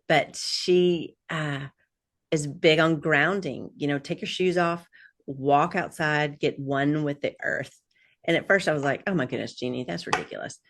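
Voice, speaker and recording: A woman's voice: deep voice, creaky, a bit bright. A middle-aged woman, a podcast guest, telling rambling personal stories with lots of fillers and laughs. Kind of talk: casual chat.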